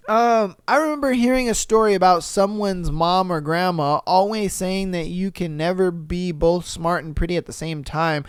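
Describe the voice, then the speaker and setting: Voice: mid-range voice, moderate pace, few pauses, clear, resonant tone, dry recording, clean studio sound. A podcast host reads online posts aloud and reacts with slang, swearing and laughter. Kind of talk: casual reaction commentary reading online posts.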